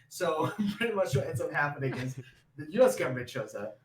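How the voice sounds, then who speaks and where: This man's voice runs high and swings widely as he tells the story. He talks casually, swears freely and laughs often. He sounds like he is in an echoey room with a faint background hum. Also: a little fast. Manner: animated, laughing, swearing, acting out scenes. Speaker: podcast co-host. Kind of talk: casual chat recapping a movie.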